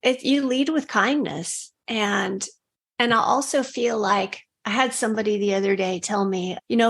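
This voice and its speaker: A woman guest on a talk show, sharing personal faith stories in an earnest, casual way. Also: medium pitch. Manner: earnest, storytelling, quick bursts. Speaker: podcast guest.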